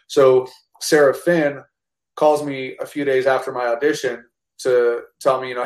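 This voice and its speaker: A man, a guest actor, telling a story in casual chat, animated and profane with lots of restarts. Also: mid-range voice, normal speed, reverberant, low-quality recording.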